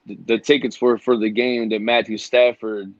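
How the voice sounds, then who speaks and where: A man telling a story in a relaxed, slangy way, calling people bro. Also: medium pitch, moderate pace, no echo. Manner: laid-back, says bro a lot. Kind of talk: casual chat. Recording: dry, dull lo-fi sound.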